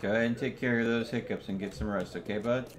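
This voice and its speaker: A man's voice: on the low side, fairly even intonation, fast. A man hosting a multiplayer let's play, chatting casually and explaining the game's design at length. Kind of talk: casual gaming chat.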